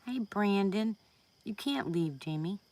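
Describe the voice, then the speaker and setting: A woman's voice: medium pitch, lively intonation, takes it slowly, a little mellow. A woman hosting a casual live stream from home, chatting with viewers, greeting them by name and laughing often.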